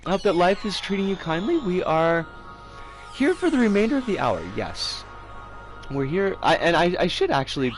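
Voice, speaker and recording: Animated American woman streamer, swooping pitch. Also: normal speed. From United States. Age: 40s. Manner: animated and giggly, with sudden excited squeals. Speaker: game streamer. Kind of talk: casual livestream chat while gaming. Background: game music.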